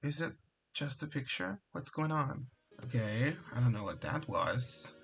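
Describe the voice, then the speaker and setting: A gamer talks through a play session in a loose, mumbling way, often dropping into exasperated outbursts. The voice rises and falls a great deal but the talk stays slow and unhurried. Quiet game music sits in the background. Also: mid-range voice, sing-song, gravelly. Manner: mumbles, trailing off; frequent exasperated exclamations and swearing. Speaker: Roblox gameplay streamer. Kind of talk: casual gameplay commentary.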